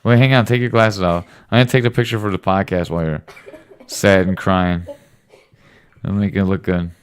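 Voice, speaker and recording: A man's voice: low voice, steady tone, moderate pace, clear, resonant tone. A man talking casually as a father hosting a home podcast with his son, teasing and joking with him. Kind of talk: casual late-night chat.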